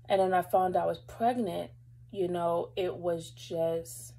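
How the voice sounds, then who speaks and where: Husky young woman telling a personal story. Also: fairly low pitch, steady tone, a little slow, dark tone, low-quality recording. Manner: emotional, holding back tears; rambling, lots of fillers. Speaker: vlogger. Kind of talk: casual storytelling to camera.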